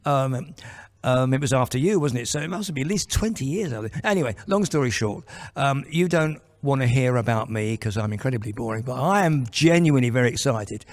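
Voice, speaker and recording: A man's voice: mid-range voice, expressive, brisk. A man hosting an event, giving a rambling, self-deprecating introduction full of fillers. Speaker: host, vice chair of the group. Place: event venue, indoors.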